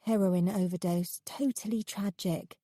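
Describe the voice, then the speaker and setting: A woman voicing a naive, excitable young woman painter in an audiobook, squealing and eager. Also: mid-range voice, measured pace, no room sound, clean studio sound, close to an everyday voice. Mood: gushing.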